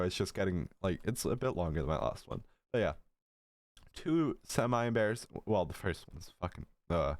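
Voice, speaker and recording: A young man in his late teens with a slightly low voice tells a story on a casual vlog. He rambles, fills his sentences with fillers, and swears freely. The recording is dry and close. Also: smooth, dry recording. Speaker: vlogger.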